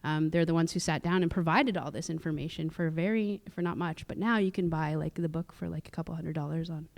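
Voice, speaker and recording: A woman's voice: sits low, a little fast, creaky, a little mellow. A woman from the Musqueam community in Canada, a guest speaker telling personal stories in casual chat, chatty with many fillers and restarts and frequent laughs, recorded on a theatre stage. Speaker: guest speaker at a cultural sharing.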